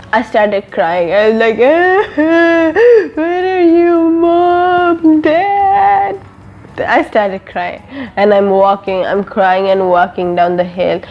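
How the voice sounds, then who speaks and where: Slow, rambling young woman telling a story. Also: mid-range voice, dull audio. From an Arab country. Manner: rambling, filler-heavy, many "like"s and restarts. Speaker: vlogger. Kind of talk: casual storytime.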